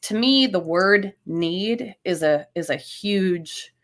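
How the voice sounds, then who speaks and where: A woman's voice: medium pitch, animated, takes it slowly, a bit bright. A woman co-hosting a podcast, talking bluntly and swearing freely in casual chat. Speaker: podcast co-host.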